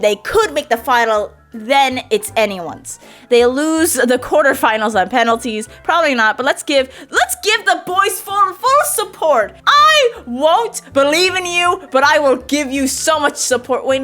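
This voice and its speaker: A young woman with a high, bouncy voice that leaps up and down as she rambles through a quiz. She giggles often and jokes her way along, with faint music underneath. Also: fairly bright tone. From United States. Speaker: YouTuber and streamer. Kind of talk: casual quiz reaction vlog.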